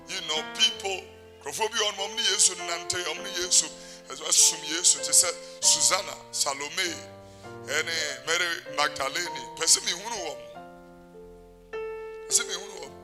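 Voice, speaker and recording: A man preaching a sermon. He swings between loud passages and quiet ones and breaks into song now and then. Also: on the high side. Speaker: pastor.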